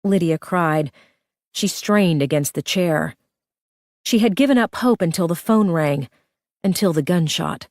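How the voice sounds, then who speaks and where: A woman's voice: fairly low pitch, unhurried, darkish tone, no room sound, studio quality. A woman narrating a thriller audiobook with a tense, urgent reading.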